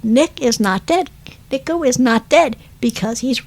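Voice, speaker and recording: A woman's voice: a little high, expressive, unhurried, gravelly, a little mellow. A woman casually recapping a movie plot, rambling with fillers, self-corrections and laughing asides. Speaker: podcast co-host.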